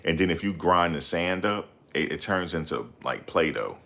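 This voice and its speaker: A man hosting a casual livestream, reading viewer comments and ranting heatedly with loud outbursts and repeated phrases. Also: low voice, expressive, normal speed, gravelly. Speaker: livestream host.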